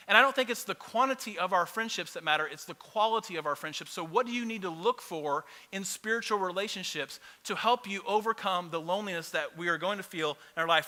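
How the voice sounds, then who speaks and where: A male pastor with a high, very bright and forceful voice preaches to his congregation. He sounds animated and earnest, often restarting mid-sentence. A long reverb trails each phrase through the church hall. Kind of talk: sermon. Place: church auditorium.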